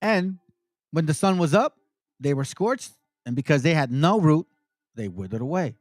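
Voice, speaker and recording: Lively, slangy male preacher. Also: a little high, moderate pace, no echo. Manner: casual slang-laced preaching, reads verses aloud and explains. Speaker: preacher teaching scripture. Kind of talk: informal scripture teaching.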